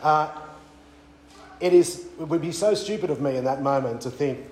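A man's voice: on the high side, normal speed, a little mellow, roomy sound, a little hiss or hum, rough recording. An Australian man preaching a sermon at a weekend away, conversational, with frequent fillers and restarts. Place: church weekend away venue.

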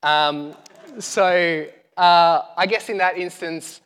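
A man's voice: on the high side, steady tone, slow, a bit bright, smooth. A man preaching a sermon in a casual, joking way to his congregation, with a lapel mic in a church hall.

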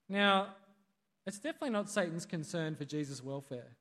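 A man's voice: fairly high pitch, lively intonation, a little fast, a bit bright, long reverb tail. A man preaching a sermon in a conversational way, putting questions to the congregation. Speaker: pastor. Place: church hall.

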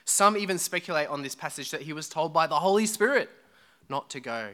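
A man's voice: fairly high pitch, expressive, fairly quick, sharp tone. A man preaching a sermon to a church congregation, chatty and joking with the people in front of him. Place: church hall.

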